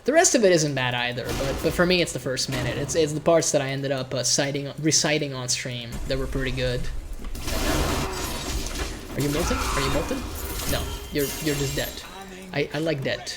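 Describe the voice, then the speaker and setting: A man streams a video game live and talks through it loosely and irreverently, thoughts coming in bursts as he often repeats a word to restart before pressing on. The tone stays offhand and conversational, his medium-pitched voice moving fairly quickly with hardly any pauses over music.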